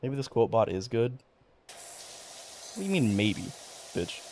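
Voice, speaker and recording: A man's voice: medium pitch, unhurried, a little hiss or hum. A young man chatting casually on a livestream, rambling, cursing freely and getting worked up as he talks. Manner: rambling, profane, excitable. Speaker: streamer.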